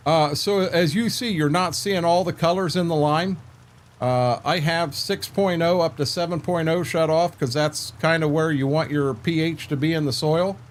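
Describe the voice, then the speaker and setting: A man's voice: a little high, moderate pace. Laid-back older man streaming a game. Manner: laid-back, rambling, repeats words and says uh a lot. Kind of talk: casual live-stream chat with viewers.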